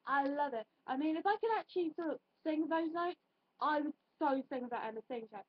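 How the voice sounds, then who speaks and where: Giggly high-voiced woman vlogger. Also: normal speed, no room sound, muffled recording. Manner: chatty, giggly, rambling with many fillers. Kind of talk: casual tag video chat.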